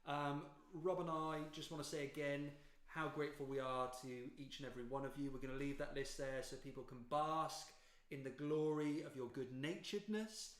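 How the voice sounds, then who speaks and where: A man's voice: a little high, steady tone, moderate pace, few pauses. A man co-hosting a casual livestream in an upbeat, playful and organized way. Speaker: co-host and series creator. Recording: echoey room.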